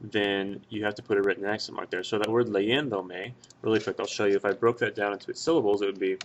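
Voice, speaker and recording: A man's voice: fairly low pitch, steady tone, fast talker, muffled recording, a little hiss or hum. A young man teaches a grammar lesson over a screen recording. He talks it through methodically, pointing at each example in turn. His tone stays plain and easygoing. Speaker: Spanish teacher.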